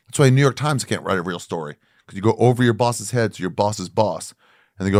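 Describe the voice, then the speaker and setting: Guy with a lowish voice, comedian guest on a podcast, tells stories big, does everyone's voices, swears a lot, dry close sound. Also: brisk, no room sound. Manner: animated storytelling, acts out others in voices, swears freely. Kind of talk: casual podcast chat.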